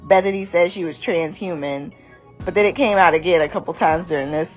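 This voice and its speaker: Blunt, rambling woman with a low voice. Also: brisk. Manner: candid, blunt, rambling with many fillers. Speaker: reality show reviewer. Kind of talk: casual spoken commentary. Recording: dull lo-fi audio with faint music.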